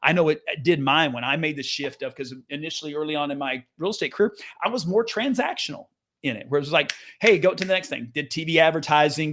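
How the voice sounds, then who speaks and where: A man's voice: fairly high pitch, fairly bright tone. A man in his fifties giving an earnest, casual motivational talk to camera as a business coach, restarting sentences often and slipping into quoted voices.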